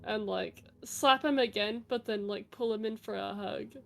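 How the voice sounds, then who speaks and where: A woman's voice: medium pitch, normal speed, vocal fry, a bit bright. Giggly woman playing a tabletop game. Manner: giggly, casual, lots of fillers. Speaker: player. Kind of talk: casual tabletop play.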